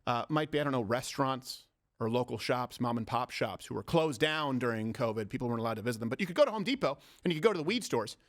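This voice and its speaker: A man hosting a political comedy show, ranting sarcastically in rapid-fire rhetorical questions. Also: medium pitch, expressive. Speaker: host.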